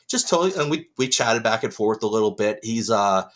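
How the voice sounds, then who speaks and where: A man's voice: on the low side, lively intonation, fairly quick, few pauses, fairly bright tone. A young man co-hosting a podcast, telling a long rambling story in casual chat and swearing freely. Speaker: podcast co-host.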